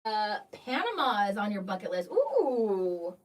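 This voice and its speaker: A woman's voice: mid-range voice, big pitch swings, fairly quick, fairly bright tone. A woman co-hosting a casual travel chat at home, chatty and teasing, with lots of fillers. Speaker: podcast co-host. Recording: distant mic with faint noise.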